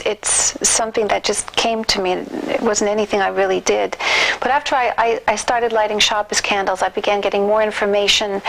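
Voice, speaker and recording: A woman's voice: mid-range voice, fairly bright tone, a little hiss or hum, poor audio. A middle-aged woman recounting her life in an oral history interview, often restarting and repeating words as she goes. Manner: acts out quoted voices animatedly.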